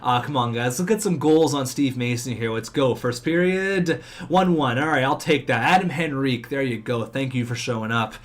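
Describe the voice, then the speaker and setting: A young gaming commentator gives excitable play-by-play of his own video game hockey season. He talks fast at a medium pitch, swinging between cheering and groaning.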